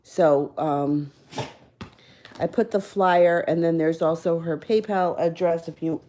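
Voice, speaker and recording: Mellow-voiced woman reading tarot live. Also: deep voice, slow pace. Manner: casual, rambling, self-correcting; chuckles between phrases. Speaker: tarot reader.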